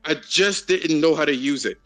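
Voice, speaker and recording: A man's voice: fairly high pitch, normal speed, fairly bright tone, dry recording, faint music behind. Profane, frank man in dry voice chat. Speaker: host of an online voice chat. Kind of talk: casual group voice chat.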